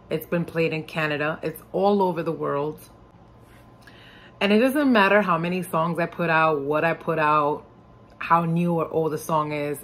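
A young woman from New York, a singer and rapper, chatting in a lively, upbeat way about her music. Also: sits low, gravelly, a little hiss or hum. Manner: lively and upbeat, animated when excited. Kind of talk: casual interview talk.

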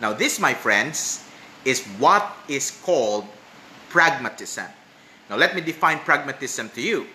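A man's voice: mid-range voice, sing-song, unhurried, sharp tone. A man preaching a sermon, emphatic and rhetorical, asking his listeners pointed questions. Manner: emphatic, rhetorical questions, slips into Filipino phrases. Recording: echoey room, faint noise.

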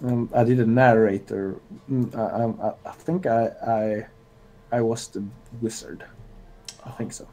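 A man's voice: mid-range voice, steady tone, a little slow, warm tone, a little hiss or hum, low-quality recording. A man chatting casually on a game dev stream, joking and laughing often, with many fillers. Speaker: streamer and indie game developer.

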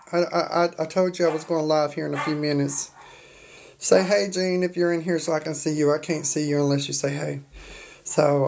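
Chatty woman live-streaming. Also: on the low side. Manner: warm-hearted, greets viewers by name, chatty. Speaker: livestream host. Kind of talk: casual live stream chat. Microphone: phone on a stand.

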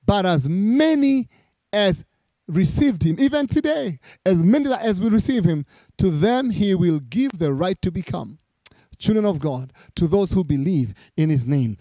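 A man's voice: sits high, expressive, a little slow, warm tone, no echo. A man preaching a sermon, reading scripture aloud and repeating key phrases for emphasis. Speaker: pastor.

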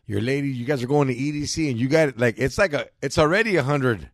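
A man's voice: medium pitch, quick pace, dry recording. A young man, bantering and joking in casual podcast chat and leaning on heavy street slang. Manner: joking, slangy, calls people dog and fool. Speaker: podcast co-host.

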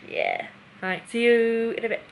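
Recovering from nose surgery, a young woman vlogs chattily from a hospital room on her phone, emotional and laughing often as she talks casually to camera. Her voice is on the high side, gravelly, and at normal speed, and the phone recording is noisy.

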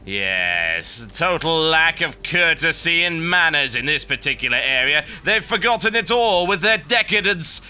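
A man's voice: on the high side, full character voice. A man hamming up a gloating supervillain. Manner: slow, drawn-out, shouting bombast. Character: gloating male supervillain, theatrical and grandiose.

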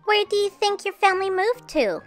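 A woman's voice: very high-pitched, expressive, fairly quick, soft background music. A woman voicing a caring, cheerful girl doll who comforts and reassures. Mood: kind. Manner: soothing, reassuring.

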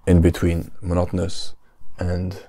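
A man, a podcast host musing aloud in a slow, low-key, deadpan way. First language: French. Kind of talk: casual solo podcast musing.

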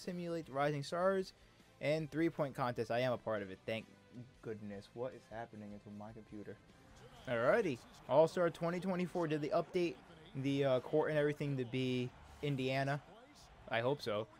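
A man's voice: fairly high pitch, lively intonation, normal speed, darkish tone, soft background music. A man giving casual gameplay commentary while playing a basketball video game, often exasperated and complaining aloud at the game.

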